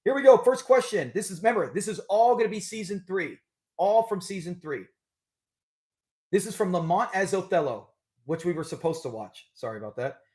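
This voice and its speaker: A man's voice: high voice, lively intonation, fairly quick, darkish tone. A man hosting a live trivia stream, talking in a chatty, upbeat way and laughing often. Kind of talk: casual live-stream chat.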